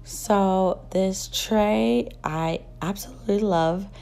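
A young woman vlogger, her voice still rough after losing it, chatting and gushing in a casual shop-with-me voice-over. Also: medium pitch, slow, a little mellow, soft background music. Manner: gushing, chatty, many fillers. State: rough voice, just recovering.

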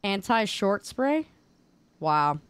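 A woman streamer reacting to memes live, loud and exclamatory, repeating her phrases over and over. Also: medium pitch, big pitch swings, extremely slow, smooth, dry recording. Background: music.

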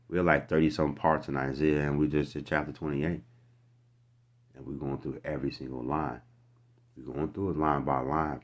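A man with an extremely deep, low voice reads scripture aloud and comments on it line by line. He talks plainly and slangily to his viewers, repeats himself for emphasis and grows heated as he preaches. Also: darkish tone. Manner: casual and slangy, talking straight to viewers. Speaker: scripture teacher. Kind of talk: verse-by-verse scripture reading and commentary.

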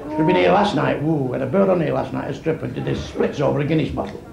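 A man's voice: fairly high pitch, quick pace, vocal fry, a crowd in the background. A man doing a crude, brash stand-up set on a club stage, needling the audience. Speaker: stand-up comedian. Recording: echoey lo-fi live club recording with noise.

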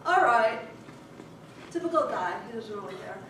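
A woman in her thirties from Chicago, giving a humorous speech to an audience with a wry, deliberate storytelling manner. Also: on the high side, animated, fairly bright tone. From Chicago, USA. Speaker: contest speaker. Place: large echoey hall before an audience. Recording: echoey hall, distant mic, noisy.

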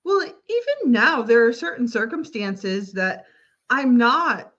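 Host, woman, higher voice, very animated, dull lo-fi recording. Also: slow pace. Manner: lively, laughing, animated reactions. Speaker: podcast host. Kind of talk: casual chat.

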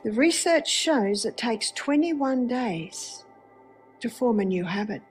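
Expressive woman lecturer, higher voice. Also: takes it slowly, soft background music. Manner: expressive storytelling with rhetorical questions. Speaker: speaker. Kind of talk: faith-based lecture.

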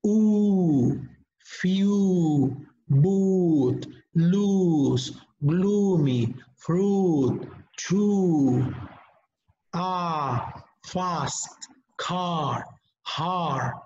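Guy teaching english sounds over a webinar, super slow and careful, echoey dull audio. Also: sits high, warm tone. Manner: slow, deliberate modeling of words for repetition. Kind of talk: online webinar lesson, drilling sounds. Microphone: computer mic on a video call.

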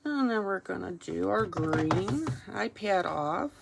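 A woman's voice: mid-range voice, lively intonation, takes it slowly, gravelly, background noise. A woman demonstrating a stamping craft project, chatting casually and a little self-deprecatingly as she works at her craft table. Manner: chatty, self-deprecating, thinking aloud while working. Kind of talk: casual how-to commentary while crafting.

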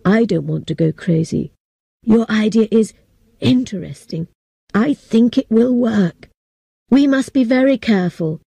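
Female reader voicing solemn elderly president, dark gravelly tone, slow regretful delivery. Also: on the high side, no room sound, full character voice. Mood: thoughtful. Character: old male president, grave and apologetic.

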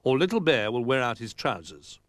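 A man's voice: medium pitch, big pitch swings, moderate pace, no room sound, studio quality, natural voice. A man voicing a practical, matter-of-fact male toy rabbit in a storybook reading.

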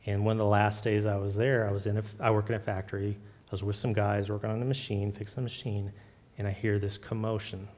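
A man preaching an informal sermon with personal testimony, earnest and halting, with many fillers and restarts. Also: little pitch movement, a little mellow. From Oregon. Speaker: lay preacher. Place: church sanctuary. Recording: long hall reverb, faint rumble.

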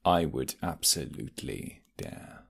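A man's voice: a bass voice, expressive, takes it slowly, vocal fry, breathy edge, heavily acted. A man voicing a sly, smug British nobleman rival who taunts and threatens in an audio role-play.

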